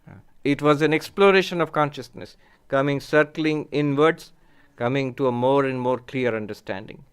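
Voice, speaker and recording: A man, a spiritual teacher giving a reflective, unhurried lecture and answering audience questions. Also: fairly high pitch, fairly bright tone, smooth. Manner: unhurried, reflective, lists terms slowly.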